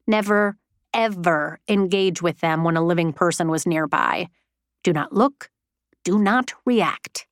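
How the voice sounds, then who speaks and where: A woman narrating a story in a measured, unhurried storytelling manner. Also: lowish voice, smooth, dry recording, clean studio sound. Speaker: audiobook narrator. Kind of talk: scripted narration.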